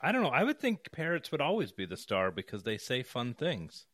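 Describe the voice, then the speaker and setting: A man's voice: medium pitch, huge pitch swings, a little fast, fairly bright tone, dry recording, studio quality. A man co-hosting a casual podcast chat, chatty and rambling, with self-deprecating jokes. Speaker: podcast co-host.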